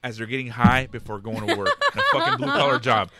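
Fast animated man, crude jokes. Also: mid-range voice, loud music behind the voice. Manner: rapid, animated, crude joking. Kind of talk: casual podcast banter.

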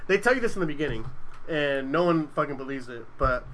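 A man's voice: on the high side, animated, brisk, fairly bright tone, a little hiss or hum, low-quality recording. A young adult man telling stories in casual chat, rambling and profane, with lots of restarts.

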